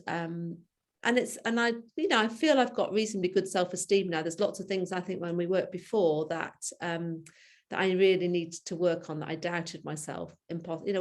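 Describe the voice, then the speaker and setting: A woman's voice: fairly low pitch, normal speed, a little mellow. A woman in her fifties, a coaching client who talks things through openly, laughing often and trailing off to restart her thoughts. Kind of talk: reflective conversation.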